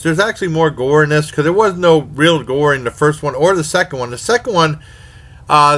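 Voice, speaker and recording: A man's voice: on the high side, fairly bright tone. A man casually reviewing horror movies, rambling along with many fillers and self-corrections.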